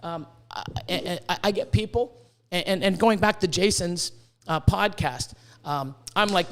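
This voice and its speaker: A man's voice: high-pitched, lively intonation, normal speed. A man hosting a podcast in casual chat, swearing a lot and stumbling over repeated words as he makes emphatic points. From Canada. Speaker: podcast host.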